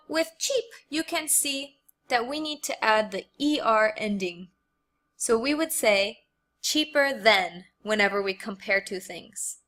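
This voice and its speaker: American woman, ESL teacher; bright, slightly high voice, very slow and deliberate delivery. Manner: slow, careful explaining, repeating words for learners. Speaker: English teacher. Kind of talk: grammar lesson.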